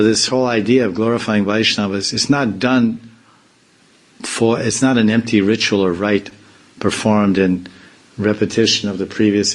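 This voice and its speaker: A man with a fairly low voice giving a loose, conversational spiritual discourse. He wanders between points and drops in playful asides, teaching the way a swami does. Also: poor audio. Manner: rambling, with playful asides and acted-out quotes. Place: temple community in India.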